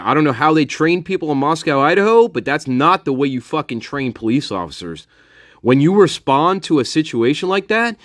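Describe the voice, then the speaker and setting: A man's voice: a little high, no room sound, studio quality. A man giving angry, profane commentary on a case, mocking others with sarcasm and repeating himself for emphasis. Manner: sarcastic, mocks others in put-on voices. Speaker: true-crime commentator.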